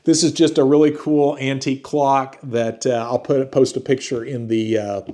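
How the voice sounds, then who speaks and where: A man's voice: medium pitch, normal speed. Laid-back man chatting to his viewers. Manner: relaxed, rambling, conversational with slang like "dude". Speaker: book review channel host. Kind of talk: casual talking-to-camera vlog. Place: at home with a chiming antique clock.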